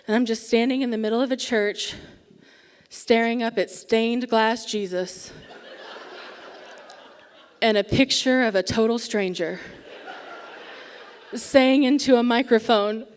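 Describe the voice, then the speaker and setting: A young woman with a slightly high voice spins a wry, self-mocking story from a theatre stage. She takes her time, leaning on deliberate pauses for comic effect. Her voice carries a long reverb off the big hall around her. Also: clean tone. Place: theatre stage before a live audience.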